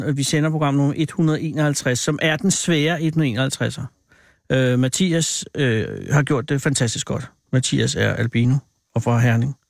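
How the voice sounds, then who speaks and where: A man's voice: mid-range voice, gravelly, dry recording, studio quality. A male radio host with a Danish accent, chatting playfully with guests in English and stumbling over words now and then. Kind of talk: casual call-in radio chat.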